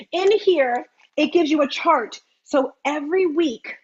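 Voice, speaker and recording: A woman in her fifties hosting an online fitness meeting, chatty and animated, repeating phrases for emphasis. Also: sits high, slow, highs cut off. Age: 50s. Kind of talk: lively live-stream pitch.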